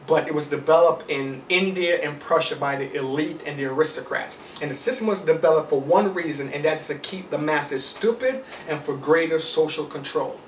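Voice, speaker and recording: A man's voice: fairly high pitch, normal speed, hardly any pauses, distant mic, slight background noise. A man with a Jamaican accent giving an emphatic, preachy motivational lecture, driving points home with rhetorical questions. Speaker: motivational speaker. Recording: roomy sound from away from the mic.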